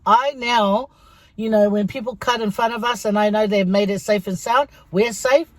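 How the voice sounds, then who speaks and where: A woman's voice: medium pitch, fairly even intonation, moderate pace. A middle-aged woman, chatting casually to her viewers in a mukbang vlog and telling stories. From Samoa. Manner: chatty storytelling, addresses viewers as guys. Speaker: vlogger.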